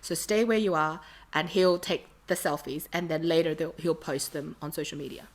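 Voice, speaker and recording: A woman's voice: deep voice, steady tone, moderate pace. A woman from Sydney, a podcast guest telling stories animatedly and often laughing. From Australia. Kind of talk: casual storytelling interview.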